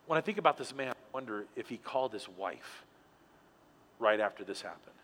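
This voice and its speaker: Male pastor, sermon, animated storyteller; bright tone, long hall reverb. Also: fairly low pitch, fairly quick, slight background noise. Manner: animated, storytelling, drops quiet for emphasis.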